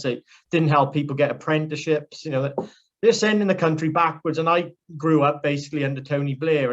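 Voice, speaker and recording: Outspoken young man on a muffled line. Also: on the high side. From Wales. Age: young adult. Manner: outspoken, ranting, blunt. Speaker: politician interviewed as guest. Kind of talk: casual political interview.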